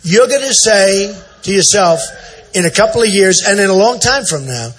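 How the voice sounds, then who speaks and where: A man in his sixties, a political candidate giving an off-the-cuff campaign rally speech in a large indoor event center. He repeats himself, boasts, and often shouts out to the crowd. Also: high voice, lively intonation, moderate pace. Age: 60s.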